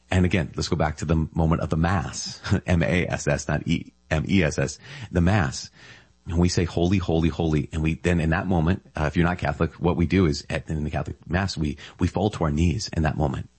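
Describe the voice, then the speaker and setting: Deep husky guy preaching casually, really excited about it, dry close sound. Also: fairly quick, no echo. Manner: enthusiastic, marvelling, exclamatory. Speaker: Catholic preacher. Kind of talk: casual scripture reflection.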